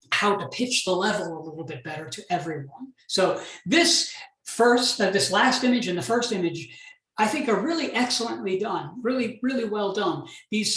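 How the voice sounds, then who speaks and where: A man, an art professor, giving recorded feedback on student photographs in a measured, reflective way with many pauses and restarts. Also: sits high, a bit bright, echoey room, rough recording.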